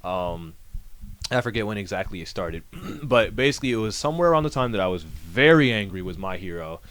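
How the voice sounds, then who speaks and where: A young man co-hosting a podcast, chatting casually and rambling with lots of fillers and animated asides. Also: sits low, fairly quick. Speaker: podcast co-host. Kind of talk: casual chat.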